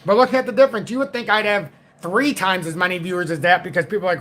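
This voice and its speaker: A man with a notably high-pitched voice holds forth on a casual livestream. He talks bluntly and cynically and swears freely as he rants. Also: fast talker, a bit bright. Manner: blunt, profane, cynical ranting. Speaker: crypto market livestream host.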